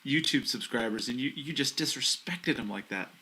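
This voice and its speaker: Bright-voiced playful pool commentator man. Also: mid-range voice, lively intonation, normal speed, slightly rough. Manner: playful, banters and jokes. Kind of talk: live sports commentary.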